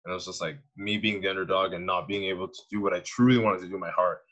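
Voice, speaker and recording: Young canadian guy, lowish voice, slangy and laughing through his stories. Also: racing, dull audio. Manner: slangy, animated storyteller who laughs often. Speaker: guest, online fitness coach. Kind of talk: casual conversational interview.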